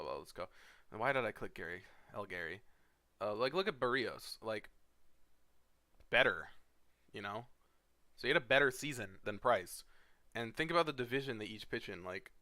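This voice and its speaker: A man's voice: lowish voice, bright, forceful tone, no echo. A young man, a fantasy league commissioner, rambling through a casual recap with lots of fillers and blunt, profane asides, sleepy and yawning. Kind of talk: casual screen-share commentary.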